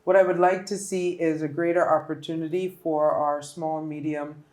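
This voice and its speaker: A woman's voice: low-pitched, level tone, moderate pace, a little mellow, roomy sound. A woman politician from the Turks and Caicos Islands with a local accent, giving earnest, emphatic interview answers. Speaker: politician guest.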